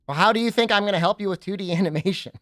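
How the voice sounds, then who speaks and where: A man's voice: high-pitched, very fast, pushed and bright, dry recording, studio quality. A young adult man streaming a video game, chatting casually and joking back at his chat. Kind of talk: casual chat while gaming.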